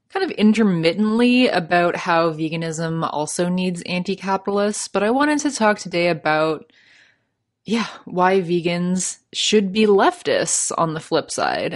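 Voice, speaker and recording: A young woman with a Canadian accent hosting a podcast on her own, chatty and upbeat with easy laughs. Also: fairly low pitch. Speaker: podcast host. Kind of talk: casual solo podcast talk.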